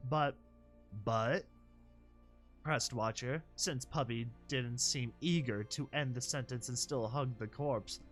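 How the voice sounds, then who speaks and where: A man reading a fan fiction story aloud, animated, with joking commentary and chuckles. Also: medium pitch, a little slow, hardly any pauses, faint music behind. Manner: animated, joking asides, laughs mid-line. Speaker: reader and commentator.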